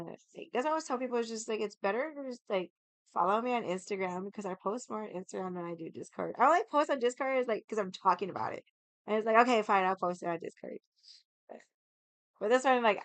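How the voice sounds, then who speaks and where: A young woman livestreaming in casual chat, hoarse from yelling and rambling with lots of "like". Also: medium pitch, no room sound. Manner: rambling, heavy use of "like".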